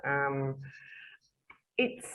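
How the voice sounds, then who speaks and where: A woman's voice: rumbling low, expressive, extremely slow, a bit bright, low-quality recording. A native English-speaking woman answering as a panelist in a webinar, speaking emphatically with frequent ums.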